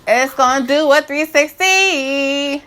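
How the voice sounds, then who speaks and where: A woman in her twenties giving a casual, slangy spiritual rant to her viewers, animated and preachy with many restarts. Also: high-pitched, slow pace. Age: 20s. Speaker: spiritual vlogger.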